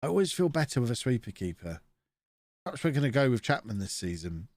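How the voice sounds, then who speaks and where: A man streams his game live, his stuffy nose showing as he rambles and jokes with viewers. His voice swings freely up and down in pitch. The sound is close and dry, with no room around it. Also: very animated, quick pace, a little mellow, dry recording. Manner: chatty, jokey, reacts to chat. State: blocked nose.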